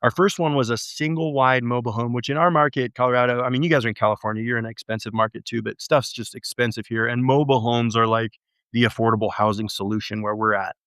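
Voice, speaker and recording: A man telling his story as an interview guest, halting and restarting often, with lively acted-out quotes. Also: medium pitch, clear, resonant tone, no room sound, studio quality. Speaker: real estate investor guest.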